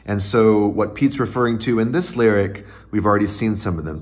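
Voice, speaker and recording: A man's voice: on the low side, a little fast, a little mellow. A man hosting a podcast, explaining craft terms in a teacherly way with examples. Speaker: podcast host.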